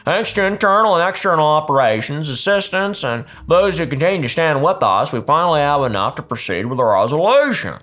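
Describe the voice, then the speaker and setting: Stiff corporate CEO with a Utah accent, formal statement delivery, as a commentary host puts him on. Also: male voice, fairly high pitch, sing-song, fairly quick, hardly any pauses, fairly bright tone.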